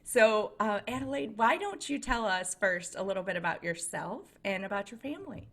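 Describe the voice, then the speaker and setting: A woman's voice: mid-range voice, animated, moderate pace. A woman hosting a podcast, introducing her guest in an upbeat, encouraging way. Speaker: podcast host. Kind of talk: podcast interview.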